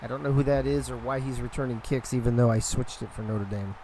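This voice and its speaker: A man's voice: medium pitch, level tone, fast talker, mellow, a little hiss or hum. A young man calling a football video game live on a stream, loose and profane, talking to his chat between plays.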